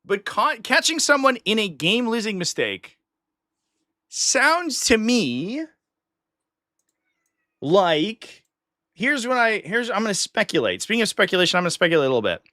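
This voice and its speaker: A man hosting a casual live stream, his speech swinging up and down with plenty of life. His voice is bright and sits somewhat high for a man, and it sounds close and dry. He comes across chatty and opinionated. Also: big pitch swings, normal speed, pauses often, no room sound. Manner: chatty and opinionated, slips into mock voices of others.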